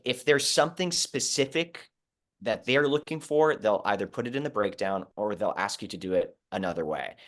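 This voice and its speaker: A young adult man, a Broadway performer, talking earnestly in an interview, animated and full of restarts and "like". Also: on the low side. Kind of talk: conversational interview.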